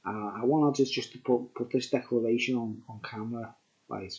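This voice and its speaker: A medium-pitched man speaks steadily at normal speed, his voice a little mellow, with the highs cut off in the recording. The tipsy beer vlogger rambles casually on camera, repeating lines and adding "mate" and "right?" over and over.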